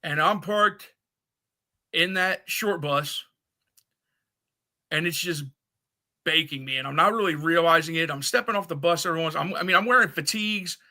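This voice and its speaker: A man with a fairly high voice and a sharp, bright edge reminisces in a loose, laid-back way. He fills the gaps with short agreements and tells his stories in wandering stretches. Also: moderate pace, pauses often. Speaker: podcast guest. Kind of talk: casual chat, reminiscing.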